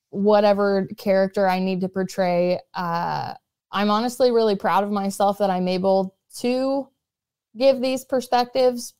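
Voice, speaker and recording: A young woman reading her own blog post aloud, earnest and measured in a voice she calls monotone. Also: mid-range voice, clear, resonant tone. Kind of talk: reflective spoken intro and read-along of her writing.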